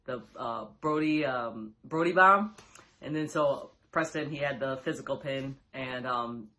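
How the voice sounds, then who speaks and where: A man's voice: mid-range voice, measured pace, sharp tone. A man giving a casual, rambling reaction to a wrestling show, full of fillers and restarts, often laughing as he talks. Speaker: vlogger reviewing a wrestling show.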